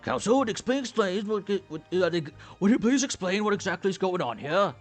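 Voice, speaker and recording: A man's voice: high voice, expressive, fairly quick, soft background music. Man doing a pompous old English judge. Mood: stern. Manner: pompous, formal. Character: stern older male English judge.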